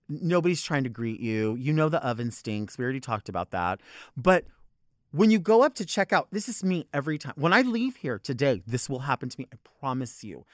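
A man hosting a podcast, ranting comedically in an animated, profane way about everyday annoyances. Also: medium pitch, no echo, clean studio sound. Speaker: podcast host. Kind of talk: comedic rant.

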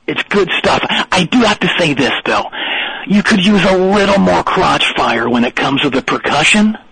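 A brash, cocky teenage boy calling in to a radio comedy show, boasting and crude, breaking into shouted fits at his mother, as a man puts him on. The voice sits high and bright with wildly lively swings of pitch. It comes over a radio broadcast. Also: moderate pace, vocal fry, breathy edge, full character voice, rough recording. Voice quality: loud shouting outbursts. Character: crude boastful teen boy drummer caller. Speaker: caller. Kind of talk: comedy radio call-in bit.

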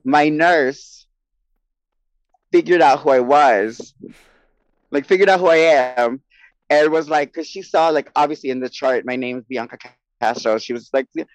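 A man co-hosting a casual talk show, expressive and quick to laugh while telling personal stories. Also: fairly high pitch, dry recording, rough recording. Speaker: podcast co-host. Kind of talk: casual chat.

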